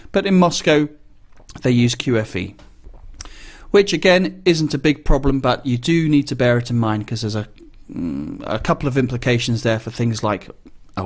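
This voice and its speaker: A man who flies business jets, talking casually and explaining things in a wry, conversational way, with frequent pauses to think. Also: medium pitch. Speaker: business jet pilot.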